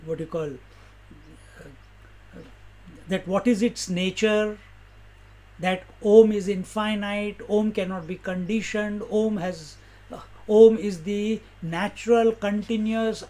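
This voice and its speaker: A spiritual teacher gives a relaxed talk on scripture in a high voice. He goes slowly and without hurry, pausing to pose rhetorical questions to his listeners before answering them, with occasional soft laughs.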